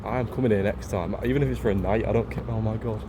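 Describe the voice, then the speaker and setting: Speaking fast in a steady tone, this low-leaning male voice belongs to a Leeds travel vlogger with a Yorkshire accent. He talks excitedly to his handheld camera in a casual vlog, saying things over again, with background noise audible.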